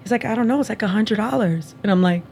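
A woman hosting a podcast, telling a dating story in casual chat, animated and profane, acting out both sides of the conversation. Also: mid-range voice, quick pace, gravelly, slight background noise. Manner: animated, profane, acts out dialogue. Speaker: podcast host.

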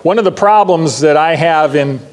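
Older guy preaching, highish voice, lots of repeating himself, big reverb-y room. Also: moderate pace. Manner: emphatic, repeats key phrases, asks the class questions. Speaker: pastor teaching a Bible class. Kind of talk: sermon.

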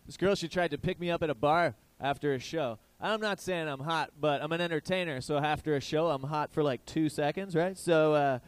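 A male comedian with a somewhat high voice rambles through crude jokes and throws questions out to the audience. The sound is dry and close, with no room in it. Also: a little fast, hardly any pauses, no room sound. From Ireland. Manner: crude, rambling, jokey, asks the crowd questions. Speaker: comedy show host. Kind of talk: stand-up comedy banter with a live audience.

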